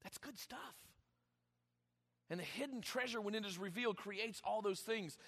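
A man preaching a sermon, emphatic, with dramatic pauses and sudden swings in volume. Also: high-pitched, gravelly, fairly bright tone, slightly rough, big-room sound. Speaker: pastor.

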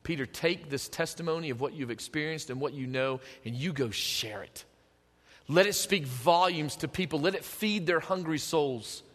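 High, bright-voiced preacher in a reverberant hall. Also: male voice, moderate pace. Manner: conversational preaching, swinging from hushed to emphatic. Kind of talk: sermon.

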